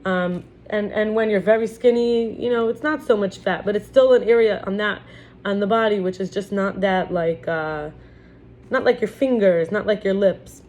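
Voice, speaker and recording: Reading aloud from a book, a female teacher leads an informal spiritual lesson in a chatty way, often starting her sentences over. She speaks at a moderate pace in a medium pitch with a somewhat dark tone.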